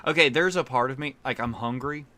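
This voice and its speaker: A man's voice: medium pitch, a little fast, sharp tone, no echo. A man streaming a video game and chatting casually, rambling with fillers and laughs. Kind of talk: casual chat while playing.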